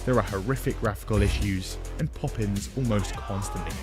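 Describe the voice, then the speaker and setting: A man's voice: fairly low pitch, fairly quick. A man giving scripted narration in a dry, sardonic tone. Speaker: video essay narrator. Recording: music bed behind narration.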